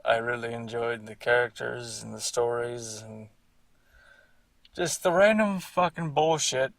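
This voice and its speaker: Slow gravelly man rambling casually. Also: medium pitch, a bit bright, dry recording, recorded from a distance. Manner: rambling, repeats himself, swears casually. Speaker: creator doing commentary on his own series. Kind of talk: casual commentary.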